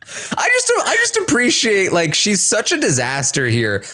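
A man co-hosting a casual reality-show recap podcast, chatty and quick to laugh. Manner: animated, swings pitch widely, laughs often.

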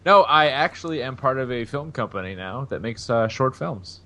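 A man's voice: medium pitch, expressive, normal speed, sharp tone. A man co-hosting a podcast in casual chat, joking and rambling with plenty of fillers. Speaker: podcast co-host.

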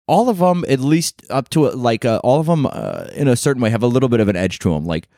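A man co-hosting a podcast, joking around in relaxed casual chat. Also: medium pitch, fast talker, no echo, studio quality. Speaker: podcast co-host.

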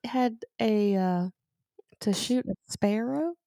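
A woman's voice: medium pitch, slow, gravelly, dark tone, no echo. A woman chatting on a podcast, blunt and dry. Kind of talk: casual chat.

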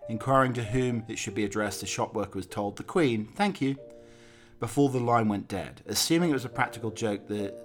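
A man narrating from a script in a steady, measured reading voice with occasional slips. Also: on the low side, faint music behind.

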